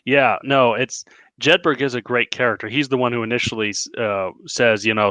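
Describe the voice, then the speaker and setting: A man's voice: mid-range voice, fairly even intonation, brisk, pushed and bright, dry recording. A man guest on a casual movie review podcast, retelling a plot at length with fillers. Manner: talks in long, plot-recounting stretches with fillers.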